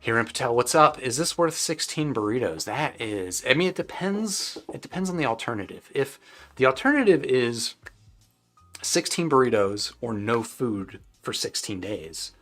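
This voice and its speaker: A man's voice: medium pitch, expressive, normal speed, fairly bright tone, soft background music. A man hosting a live stream, casually answering viewers' chat questions with loose, rambling talk full of fillers and restarts.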